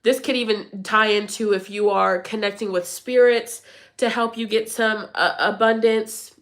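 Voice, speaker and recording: A woman's voice: mid-range voice, steady tone, a little slow, fairly bright tone. A young woman doing a casual tarot reading for viewers, chatty and slangy, with a congested voice. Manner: chatty, slangy and playful, laughs often. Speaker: tarot reader.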